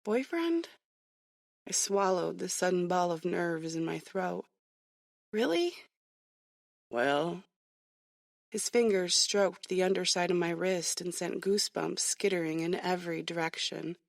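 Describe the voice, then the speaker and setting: A woman narrating her own romance novel in the first person, soft and playful. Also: lowish voice, little pitch movement, moderate pace, gravelly, few pauses, no echo, clean studio sound. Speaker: audiobook narrator, author.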